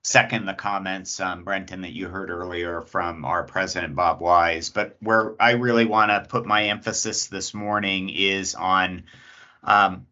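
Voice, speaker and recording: A man, speaking as a state lobbyist at an agency hearing, polite and measured with many pauses. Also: low-pitched, steady tone, pushed and bright, dull audio. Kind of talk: public comment at agency hearing.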